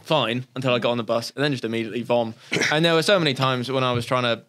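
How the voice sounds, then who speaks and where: Laid-back guy telling a story, mid-pitched, lots of ums and likes. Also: steady tone, fast, a bit bright. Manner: easygoing, chuckling, filler-heavy. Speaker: comedian guest. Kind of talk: casual anecdote.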